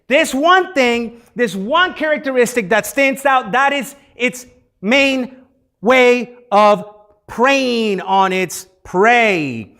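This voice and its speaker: A man's voice: very high-pitched, expressive, slow pace, pushed and bright. A man leading youth group teaching in a playful, interactive way, having the room repeat key words.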